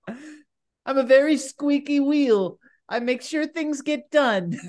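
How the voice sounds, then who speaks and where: A man putting on the high, squeaky, drawn-out voice of a prim, self-important middle-aged male professor. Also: full character voice.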